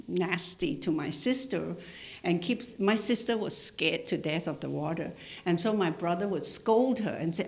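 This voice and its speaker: A woman's voice: on the low side, vocal fry. A middle-aged woman from Malaysia, a hypnotherapist giving a lecture to a class and telling personal stories. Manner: storytelling, lively and animated, with laughs.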